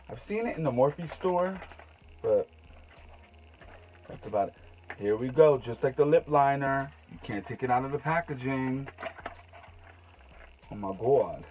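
A young man unboxing makeup in a casual vlog, excitable and gushing, gasping and breaking into shouts. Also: medium pitch, phone-quality sound. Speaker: beauty vlogger.

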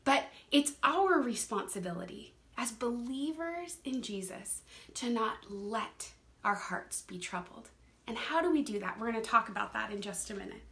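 A young woman leads a casual Bible study, speaking earnestly in a slightly high voice. She laughs often and doubles back on her words as she explains each verse. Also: animated, normal speed, bright, forceful tone. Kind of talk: casual scripture teaching.

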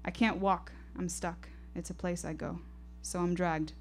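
Woman storyteller, lowish voice, intense and rhythmic, live stage telling. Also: level tone, a little slow, slight background noise. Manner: intense, poetic, rhythmic delivery. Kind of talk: live first-person storytelling performance.

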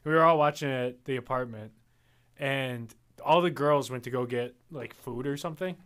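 A man's voice: medium pitch, normal speed, a bit bright, smooth. A young man co-hosting a podcast, chatting casually, swearing and laughing as he tells stories. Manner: storytelling, swearing, laughing often. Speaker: podcast co-host. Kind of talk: casual chat.

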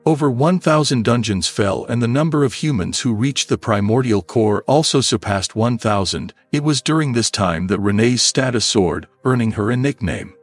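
A man's voice: mid-range voice, animated, normal speed, hardly any pauses. Man narrating a comic recap.

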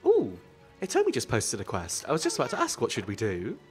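A man's voice: medium pitch, huge pitch swings, fairly quick, faint music behind. Jokey man hosting a game stream. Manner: jokey, laughs often. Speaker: stream host. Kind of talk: casual gaming chat.

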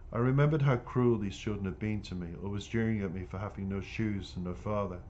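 Low-voiced man narrating an audiobook. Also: a little mellow, highs cut off, a little hiss or hum. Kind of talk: first-person audiobook narration.

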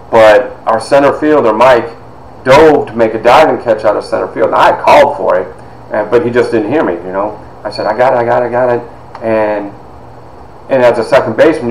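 A man in his fifties from Toledo, Ohio, telling personal stories in an animated, conversational way with frequent asides. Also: medium pitch. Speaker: author and speaker. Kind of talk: personal storytelling talk. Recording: echoey room with faint noise.

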